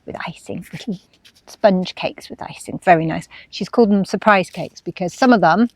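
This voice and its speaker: A woman's voice: medium pitch, a little mellow, no echo. A woman vlogger talking casually, chatty and acting out her own inner voices. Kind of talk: casual chat.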